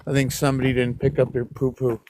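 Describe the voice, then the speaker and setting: A man's voice: mid-range voice, completely flat delivery, fast, warm tone, slight background noise. Man rambling aloud on a dog walk. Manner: rambling, muses aloud, scolds the dogs in exasperation. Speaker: vlogger walking his dogs. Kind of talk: rambling walking vlog. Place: outdoors on a walk in the park.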